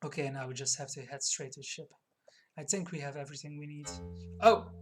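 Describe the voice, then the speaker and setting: A woman streaming a video game, reading its text aloud with soft muttered asides. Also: low-pitched, flat delivery, fast talker, soft background music.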